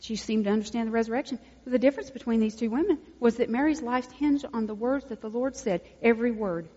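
A woman preaching a sermon, swinging from hushed, intimate lines to loud emphatic peaks. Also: a little high, fast talker, slightly rough. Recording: dull lo-fi recording with long hall reverb.

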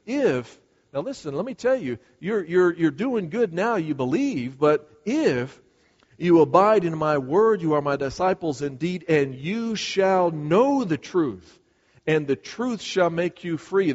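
A man's voice: fairly high pitch, darkish tone. A man preaching a sermon in an earnest, emphatic way, taking on Jesus' voice as he paraphrases scripture. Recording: dull sound with long hall reverb.

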